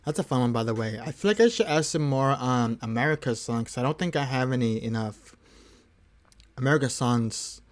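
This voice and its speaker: Male livestream host, relaxed and rambling, fills the gaps between songs with loose chatter and frequent chuckles. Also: mid-range voice, normal speed. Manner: rambling, laid-back, chuckles often. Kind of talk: casual chat between songs.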